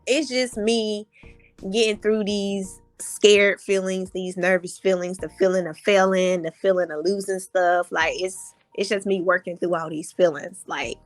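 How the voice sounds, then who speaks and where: A woman's voice: medium pitch, steady tone, a little slow, dry recording, soft background music. A woman in her thirties, a podcast guest talking candidly and expressively, acting out her own thoughts as quotes. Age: 30s. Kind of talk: casual candid conversation.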